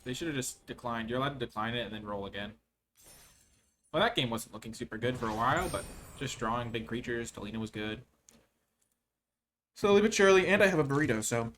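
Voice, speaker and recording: A man streaming a card game, talking low-key and joking, then breaking into loud theatrical cheers. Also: fast talker, slight background noise. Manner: playful, jokey asides. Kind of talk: live game-stream commentary.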